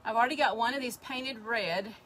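A woman hosts a homey crafting livestream, talking through each step and calling out to viewers by name. Her voice sits a little high. A faint hiss sits under the recording. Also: brisk, a bit bright. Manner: chatty, greets viewers by name while working. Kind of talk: casual crafting livestream chat.

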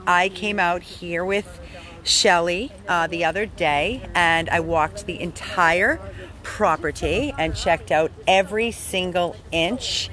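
A woman who rescues dogs narrates a vlog outdoors in a yard, filming on a handheld phone. She rambles enthusiastically in quick bursts, her lowish voice carrying a fairly bright tone.

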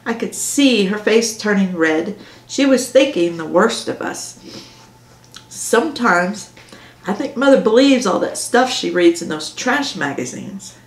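A woman author narrating her own novel in a measured first-person storytelling manner. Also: medium pitch, expressive. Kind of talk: audiobook narration on camera. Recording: roomy echo.

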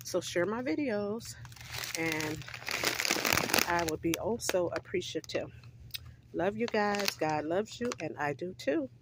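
A woman with a lowish, animated voice speaks slowly, with long pauses, in a very noisy recording. She's vlogging on a phone in her hand, chatty and affectionate toward viewers she calls "you guys," and winded from walking outdoors and then through a store.

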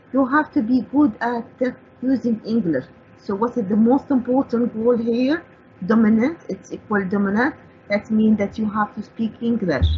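A woman's fairly bright, highish voice explains English vocabulary word by word, asking herself questions and then answering them. She speaks Arabic and has an Egyptian accent; there's slight background noise, and the broadcast audio is dull and lo-fi.

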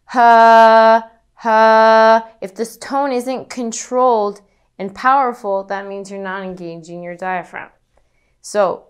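A woman's voice: medium pitch, smooth. A woman teaching singing, demonstrating breathing exercises as she explains them. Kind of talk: vocal lesson demonstration.

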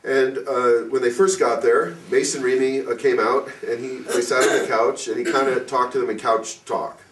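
A man's voice: medium pitch, steady tone, normal speed. A man telling an informal religious story at a fireside gathering, rambling with many fillers and acting out the people he quotes. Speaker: fireside speaker. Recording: distant mic in echoey room.

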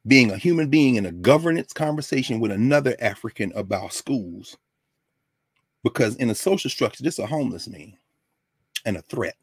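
An older man from Tennessee telling a personal story in a lesson, animated and acting out the people he quotes. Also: medium pitch, breathy edge, no echo, clean studio sound. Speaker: lecturer.

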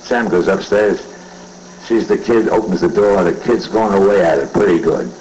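A man's voice: deep voice, normal speed, darkish tone, highs cut off, a little hiss or hum. An older man emceeing a comedy roast, telling brash, profane jokes from a banquet dais. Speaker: roast master.

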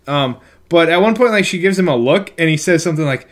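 A man co-hosting a comedy movie podcast, chatting loosely and stumbling through his thoughts with constant fillers. His voice sits a touch high and swings widely in pitch, jumping up into mock outrage. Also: expressive, quick pace. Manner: rambling, full of "like" fillers, bursts into loud mock outrage. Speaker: podcast co-host. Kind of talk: casual comedic movie chat.

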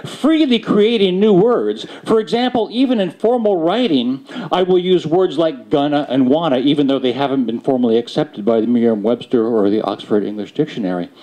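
A man performing comic spoken-word poetry on a bookstore stage, mock-serious and playful with halting restarts. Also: a little high, warm tone. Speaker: slam poet. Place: bookstore stage before an audience.

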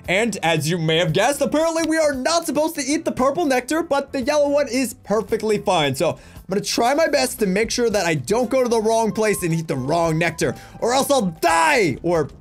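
A young man commentates on a game with excitable, joking energy, chatting straight to his viewers. His voice sits high and leaps up and down constantly. Light music plays faintly underneath. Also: a little fast, few pauses. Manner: excitable, jokey, addresses viewers as guys. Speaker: gaming YouTuber. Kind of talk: energetic let's-play commentary.

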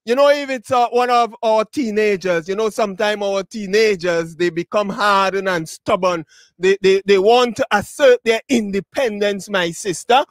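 A man preaching a funeral sermon, addressing the mourners directly, repeating his words and building to shouted, drawn-out phrases. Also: high voice, no room sound. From Tobago.

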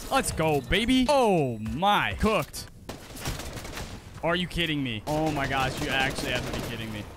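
A young man giving casual gameplay commentary, excitable and talking to himself and his viewers as he plays. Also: mid-range voice, unhurried. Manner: excitable, talks to himself and viewers while playing. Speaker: gaming creator. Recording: game music and gunfire behind voice.

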